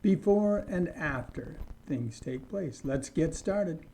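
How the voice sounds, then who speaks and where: A man teaching an online English lesson, speaking slowly and deliberately and repeating words for learners to copy. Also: on the high side, animated, darkish tone, rough recording.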